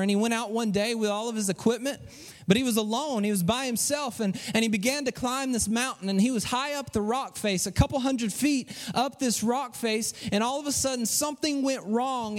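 A man preaching a sermon, telling stories with restarts and emphatic pauses. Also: very high-pitched. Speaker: pastor. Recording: long hall reverb.

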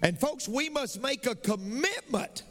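Fervent high-voiced preacher, echoing hall. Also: male voice, lively intonation, measured pace, a bit bright. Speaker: pastor. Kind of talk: sermon. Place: large church sanctuary. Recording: long reverb of a large church hall.

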